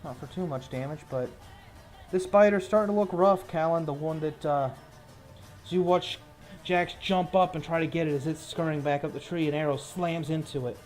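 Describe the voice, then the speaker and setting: A man's voice: a little high, moderate pace, darkish tone, soft background music. A man narrating a tabletop game as game master, mixing rules talk with casual descriptions of a fight.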